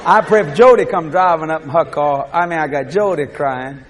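A man preaching with comic storytelling, animated and laughing as he acts out scenes. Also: on the high side, moderate pace, some chatter behind, slight background noise.

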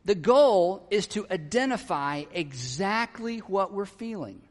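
A man's voice: high voice, lively intonation, takes it slowly, long reverb tail. A man preaching a sermon in a conversational way, acting out quoted voices for his congregation. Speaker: pastor.

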